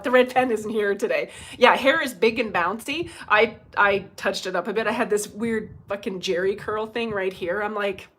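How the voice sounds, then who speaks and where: A middle-aged woman with a fairly high voice chats casually on a livestream into her phone. She laughs often and greets viewers one by one in a lively, friendly way. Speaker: medium hosting a livestream.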